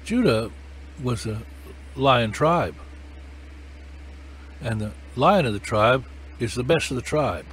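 A man's voice: medium pitch, expressive, slow pace, long pauses, fairly bright tone, slight background noise. A man preaching a sermon, emphatic and repetitive, his voice rising and falling with feeling.

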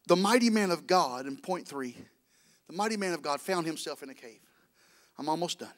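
A man pastor, preaching a sermon, rising to shouts and dropping to a hush. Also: sits high, normal speed. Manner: preaching, swings from shouting to hushed.

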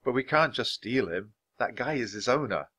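A man reading a storybook aloud, voicing a cautious, shy young boy who talks in a hurried, reluctant way. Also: medium pitch, lively intonation, sharp tone.

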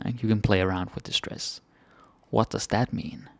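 A man's voice: fairly low pitch, fairly even intonation, normal speed, gravelly, no echo. A Danish man teaching phrases in a casual, chatty lesson, repeating each one with varied intonation. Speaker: language teacher.

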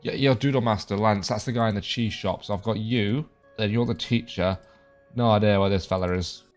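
A man's voice: on the low side, fairly even intonation, fairly quick, soft background music. Jokey young man playing a video game. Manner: chatty, jokey, reads game dialogue aloud. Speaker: gaming video creator. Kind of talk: casual let's-play commentary.

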